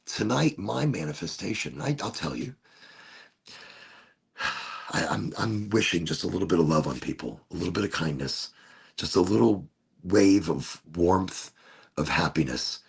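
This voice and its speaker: Gravelly man musing slowly, with sighs. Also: low-pitched, expressive. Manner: slow, dreamy and emotional, with many restarts and sighs. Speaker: vlogger. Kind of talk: rambling casual monologue. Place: indoors at home by a window.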